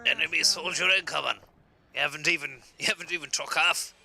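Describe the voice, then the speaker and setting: A man voicing a gruff male commander who scolds mockingly, heard slightly off-mic. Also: a little high, steady tone, brisk, pushed and bright, pitched above the performer's own voice, exaggerated voice. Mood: scolding.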